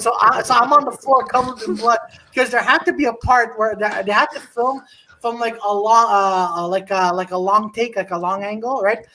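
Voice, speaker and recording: A man co-hosting a podcast in casual chat, an animated storyteller who laughs often and acts out the people in his stories. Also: sits high, brisk, rough recording.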